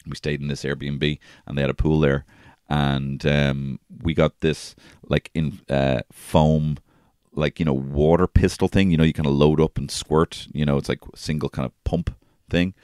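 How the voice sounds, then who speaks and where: Very deep-voiced man, rambling. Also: darkish tone, clean tone, dry recording, studio quality. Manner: rambling and profane, with frequent restarts. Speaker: podcast host. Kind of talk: casual solo podcast storytelling.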